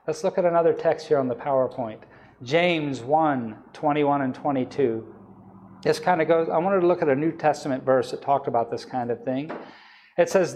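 A man's voice: a little high, moderate pace, a little mellow. A man preaching a sermon in a church hall, reading scripture aloud and explaining it earnestly, rising to emphatic peaks on key words.

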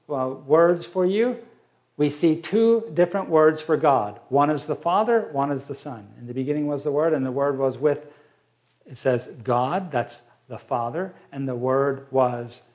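A man teaching a Bible study, reading verses aloud and explaining them slowly with fillers. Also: a little high, darkish tone.

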